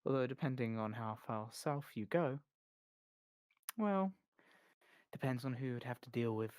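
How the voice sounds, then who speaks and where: A cool smuggling-guild boss woman, voiced by a game master, measured and evasive, with a hint of menace under her calm replies. She talks at a middling pitch. The voice is close and dry, with no room sound. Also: no echo, natural voice. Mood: guarded. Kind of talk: tabletop role-play.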